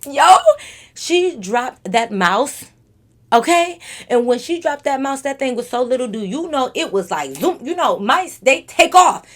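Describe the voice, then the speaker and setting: A woman vlogger telling a storytime monologue straight to her viewers, animated and freely cursing. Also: high voice, a little slow, soft background music.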